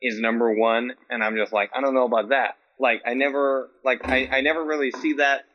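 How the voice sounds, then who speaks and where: A man's voice: medium pitch, fairly even intonation, fairly quick, highs cut off. A man chatting casually as a podcast co-host, rambling with many fillers. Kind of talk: casual chat.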